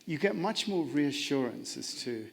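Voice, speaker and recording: A man's voice: on the high side, lively intonation, measured pace, gravelly. A man leading a reflective spiritual discussion in a chapel, earnest and searching, often restarting his sentences. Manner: earnest, searching, many restarts and "you know". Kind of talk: reflective spiritual talk with congregation.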